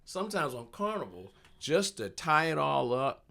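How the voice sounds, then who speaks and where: Animated storytelling comedian, man. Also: fairly high pitch, moderate pace, gravelly. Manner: animated storyteller, acts out voices, laughs often. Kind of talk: casual storytelling chat.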